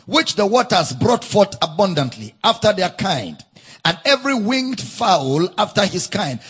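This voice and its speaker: A male preacher with a Nigerian English accent delivers a slow, deliberate sermon. His voice is high and swoops up and down in a sing-song way, with a slightly husky edge, and he repeats key lines for emphasis. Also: very animated, fairly bright tone. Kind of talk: sermon, Bible teaching.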